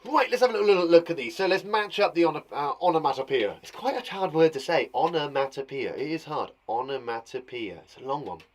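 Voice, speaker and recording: Quick-paced and barely pausing, this young British primary school teacher has a slightly high, animated voice. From a garden shed classroom, he teaches young children online in a playful, encouraging way, acting out sound words with gasps and laughs.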